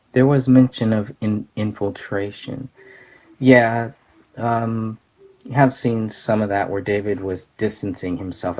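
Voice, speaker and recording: A man hosting a casual commentary show, talking in an earnest, halting way with many fillers and restarts. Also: on the low side, darkish tone. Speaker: podcast host.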